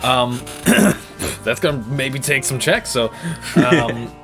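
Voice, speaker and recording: A man running a tabletop game, narrating loosely with plenty of laughs and fillers. His voice sits at an ordinary middle pitch, friendly and relaxed in pace. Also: slow, faint music behind. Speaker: game master.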